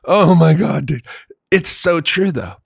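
Man, casual storyteller, lively pitch, dry close sound, cussing freely. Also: measured pace, creaky, husky, no echo. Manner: animated storytelling, swearing, frequent "dude". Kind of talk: casual chat.

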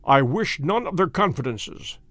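A cheerful, debonair detective, measured and wry, with a lively lilt in his lines, as a male audiobook narrator puts him on. The recording is dry and close. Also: a little high, no room sound, full character voice. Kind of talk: audiobook character voice.

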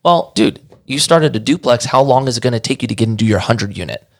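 A middle-aged man telling his story in casual talk, animated, often acting out what others said. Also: medium pitch, fast. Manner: animated, acts out quoted dialogue. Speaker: guest.

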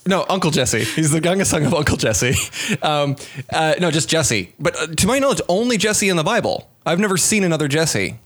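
A man's voice: a little high, animated, a little fast, a bit bright. A man casually retelling a Bible story on a podcast, rambling and acting out the quotes in goofy voices. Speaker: podcast co-host.

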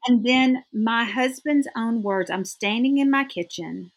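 Husky-voiced woman sharing earnest testimony. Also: a little high, measured pace. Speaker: guest. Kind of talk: faith-based interview conversation.

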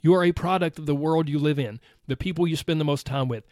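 A man's voice: fairly high pitch, fast, darkish tone, dry recording, studio quality. A man hosting a motivational podcast, talking earnestly and acting out his listeners' objections. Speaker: podcast host.

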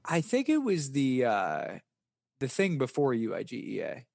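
A man's voice: mid-range voice, wildly swooping pitch, measured pace, vocal fry, darkish tone, no echo, clean studio sound. Southern man from West Virginia, rambling. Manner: rambling, many restarts and fillers. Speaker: guest, poker player. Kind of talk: casual interview chat.

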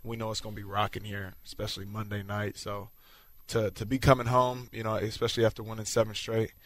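A man, a pro football player, answering interview questions in a relaxed, modest way. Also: on the low side, fast talker, dry recording. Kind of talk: post-practice interview.

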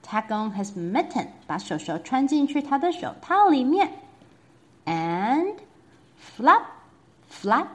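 A woman storyteller with a medium-pitched voice reads a children's picture book aloud in two languages. Her delivery is sing-song and animated, and she makes asides to the kids.

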